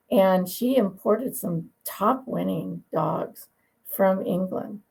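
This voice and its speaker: In a medium-pitched, creaky voice with a darkish, slightly rough tone, a woman who breeds dogs tells long, opinionated stories during a conversational interview. She's chatty and laughs now and then, though the audio is poor.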